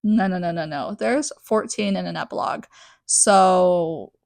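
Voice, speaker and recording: A woman's voice: fairly low pitch, measured pace, darkish tone, dry recording. A young adult woman hosting a podcast, recapping a book in a chatty, sarcastic way full of "like". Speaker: podcast host.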